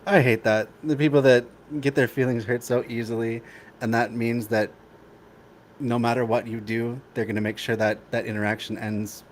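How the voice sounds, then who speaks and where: A man's voice: medium pitch, little pitch movement, moderate pace. A man co-hosting a casual podcast chat, mostly reacting with short agreements before giving his own take. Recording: faint background noise.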